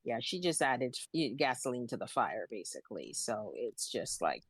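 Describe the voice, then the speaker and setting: A woman's voice: rumbling low, big pitch swings, moderate pace, husky, no echo. A woman co-hosting a podcast, giving emphatic, opinionated commentary in casual chat. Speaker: podcast co-host.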